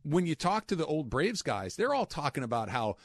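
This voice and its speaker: A man's voice: on the high side, very animated, a little fast, no echo, clean studio sound. A man in his forties hosting a radio show, chatting casually and often repeating words as he thinks. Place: radio studio. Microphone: studio mic.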